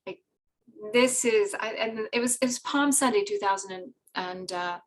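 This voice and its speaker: A woman telling a personal story in an animated, rambling way, laughing often and using many fillers. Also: mid-range voice, normal speed, distant mic, rough recording. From Britain. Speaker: guest telling her spiritual story.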